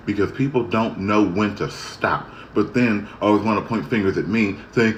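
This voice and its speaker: A man talking straight to the camera in a casual vlog, venting his annoyance in a heated, repetitive way that swings from loud to quiet. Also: on the low side, normal speed, few pauses, muffled recording, slight background noise. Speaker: vlogger. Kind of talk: casual ranting monologue.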